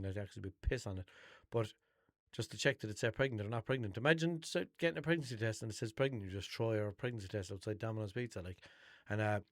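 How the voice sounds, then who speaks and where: Rambling Irish podcast host, dry sound. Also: male voice, lowish voice, dry recording. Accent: Limerick Irish. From Ireland. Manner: chatty, swears a lot, rambling storytelling with restarts. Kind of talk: unscripted rambling monologue.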